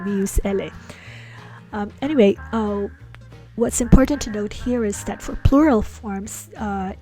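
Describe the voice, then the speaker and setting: A woman with a mid-range, dark-toned voice teaches a Hebrew lesson, explaining the slides. She patiently works through the grammar step by step, sprinkling in many small fillers.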